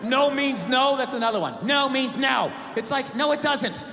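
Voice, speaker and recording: A man performing stand-up on stage, ranting in a loud, profane way with a very high, strained voice. His voice rings out with a long reverb through the venue while the crowd is clearly heard behind him. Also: lively intonation, moderate pace. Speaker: stand-up comedian. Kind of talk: stand-up routine. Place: comedy stage before a live audience. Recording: live stage recording, long reverb, audience noise.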